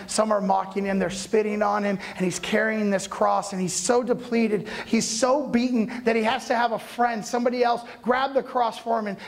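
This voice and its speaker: A man preaching, retelling a story with dramatic swings from hushed lines to shouts and speaking straight to his listeners. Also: sits high. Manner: addresses listeners directly. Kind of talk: sermon storytelling.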